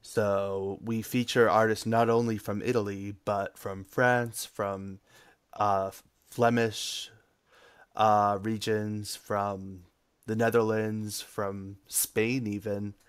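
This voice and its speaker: A man from Massachusetts, a game designer, talking casually as a guest in an interview, relaxed and hesitant with frequent ums. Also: lowish voice, slow pace, smooth. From Massachusetts, USA.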